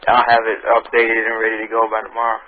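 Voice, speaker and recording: A man's voice: fairly low pitch, monotone, quick pace, a little hiss or hum. A man calling in to a radio show, chatting eagerly and rambling a bit. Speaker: caller. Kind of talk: casual phone chat. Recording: tinny phone line.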